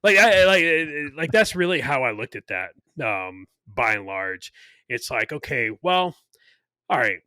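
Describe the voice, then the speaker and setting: A man's voice: medium pitch, very animated, a little slow, bright, forceful tone, clean tone, dry recording. A man co-hosting a podcast, talking casually and rambling with many fillers. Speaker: podcast co-host.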